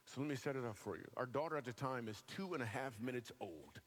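Male preacher, 30s, storyteller type, mid-pitched, funny and earnest, live church room. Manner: animated storyteller, bursts of quick delivery and joking asides. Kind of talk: sermon with humorous stories. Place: church auditorium, live audience.

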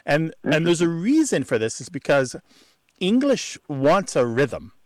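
A man's voice: on the high side, big pitch swings, measured pace, no room sound, clean studio sound. A man co-hosting a call-in radio show, explaining language change to a caller with many examples.

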